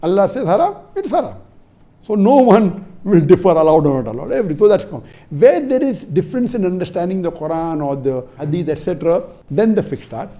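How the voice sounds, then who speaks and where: A man's voice: sits high, very animated, fairly quick, warm tone. A man from India giving a religious lecture to an audience, emphatic and repetitive, putting questions to the listeners and spelling words out letter by letter. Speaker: Islamic preacher.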